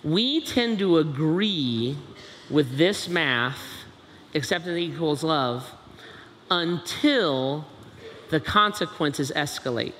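A man giving a sermon in a large hall, playful and animated, acting out family scenes for the congregation. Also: on the high side, a little hiss or hum. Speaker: preacher. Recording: echoey hall.

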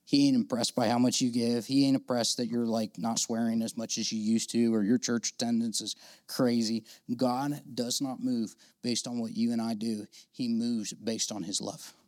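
A man's voice: mid-range voice, moderate pace, dry recording. Dry, conversational man preaching a sermon. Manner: conversational, animated, acts out quoted characters. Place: church auditorium with audience.

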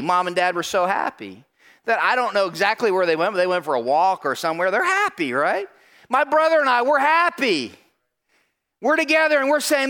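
A man telling a personal story to an audience, animated and acting out the voices of the people in it, often checking in with "right?". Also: extremely high pitch, brisk.

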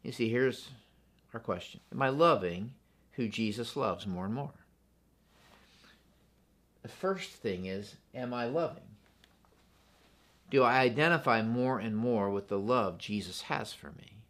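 A man's voice: medium pitch, measured pace, pauses often, a bit bright. A man preaching a sermon in a church, earnest and repetitive, often asking the congregation questions. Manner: earnest, asks the congregation questions, repeats phrases. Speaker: pastor.

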